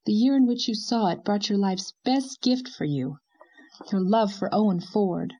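A woman's voice: mid-range voice, dark tone. A woman voicing a cheerful young wife who teases her friend in a playfully bossy way. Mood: teasing. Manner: teasing, brisk, playfully bossy. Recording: dull lo-fi recording.

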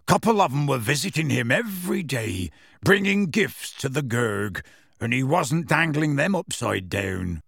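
A big, warm-hearted half-giant gamekeeper, as a male audiobook reader puts him on, spinning his tale in rough dialect with clear relish. The voice is gravelly and husky, and it rises and falls with lively pitch. It sits close and dry. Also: measured pace, no echo, full character voice. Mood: gruff storytelling. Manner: rough dialect speech, dropped sounds, storytelling relish. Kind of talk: audiobook character reading.

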